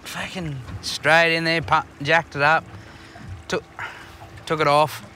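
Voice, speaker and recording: Brief: Australian podcast co-host, bright tone, casual rambling yarns, lots of swearing. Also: male voice, fairly high pitch, flat delivery, takes it slowly, slight background noise. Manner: swears a lot, tells rambling stories. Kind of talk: casual chat.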